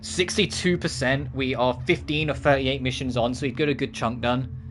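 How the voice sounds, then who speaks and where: A man's voice: mid-range voice, fairly even intonation, moderate pace, fairly bright tone, slight background noise. A man streaming games, chatting casually at the end of a session and wandering off on tangents. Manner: rambling, full of self-corrections and asides.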